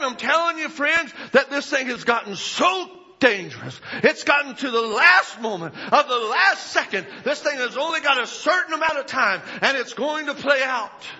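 A high-voiced male preacher with a husky, forceful tone, telling a story with animated energy and bursts of shouting. His voice rings out through a large hall on a dull, lo-fi recording. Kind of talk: sermon storytelling. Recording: echoey hall, dull lo-fi sound.

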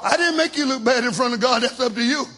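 Male preacher, shouting sermon with hallelujahs, very high, bright voice. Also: quick pace, a little hiss or hum. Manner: shouting, call-and-response hallelujahs; colloquial, folksy speech.

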